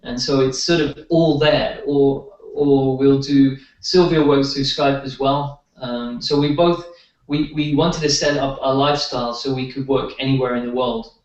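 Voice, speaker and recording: A man's voice: medium pitch, fairly even intonation, moderate pace, a little mellow. A man telling rambling stories in casual conversation, with many restarts, as a guest healer. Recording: roomy dull sound from far off.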